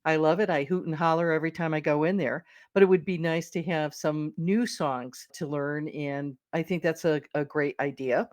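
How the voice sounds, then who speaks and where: A woman's voice: low-pitched, fairly even intonation, normal speed, hardly any pauses, a little mellow, no room sound, studio quality. A middle-aged woman co-hosting a podcast in casual, enthusiastic chat, often restarting words. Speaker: podcast co-host.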